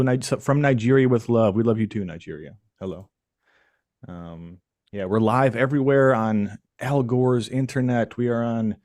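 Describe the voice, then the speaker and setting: A man from Michigan hosting a live stream, chatting casually and jokingly with the audience and pausing often on fillers. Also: mid-range voice, a little mellow, no room sound, clean studio sound. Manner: playful, jokey, chatty with frequent fillers. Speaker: livestream host.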